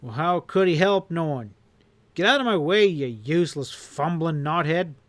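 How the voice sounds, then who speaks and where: A man's voice: on the high side, moderate pace, fairly bright tone, natural voice. A man voicing a hard, furious outlaw boss in a western audiobook, snarling and roaring his threats. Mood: angry.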